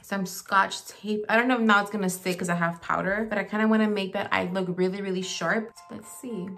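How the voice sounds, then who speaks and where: Gravelly-voiced woman chatting through makeup. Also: medium pitch, steady tone, fairly quick, fairly bright tone, faint music behind. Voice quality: gravelly morning voice. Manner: chatty, gushing, talks while applying makeup. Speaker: beauty vlogger. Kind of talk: casual makeup tutorial chat. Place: home makeup room.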